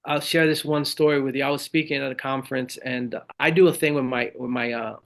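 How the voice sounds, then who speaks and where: A man's voice: mid-range voice, brisk. A middle-aged man, a guest on a podcast, talking casually about leadership and acting out the people in his stories. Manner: animated storytelling, acts out quoted people. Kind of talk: casual interview talk.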